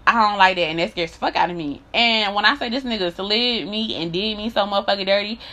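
Brisk and sharp in tone, this medium-pitched woman delivers a blunt, candid monologue full of profanity. She circles back on her points repeatedly and works herself into heated rants.

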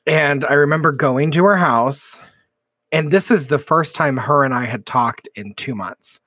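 A man from Texas, a podcast co-host, telling a personal story in casual chat with lively, vivid detail and some swearing. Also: a little high, a little slow, no echo. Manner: animated, vivid storyteller who swears freely.

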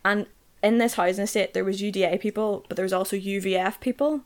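A young woman with a Northern Irish accent spins casual anecdotes in a loose, chatty flow. She swears without a second thought and fills her sentences with "like". Her pitch sits in the middle range for a woman. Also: fast. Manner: chatty, swears freely, peppers speech with "like".

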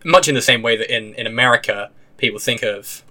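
Bright-voiced podcast host. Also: male voice, medium pitch. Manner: chatty, digressive, quick to enthuse. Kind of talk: casual podcast chat.

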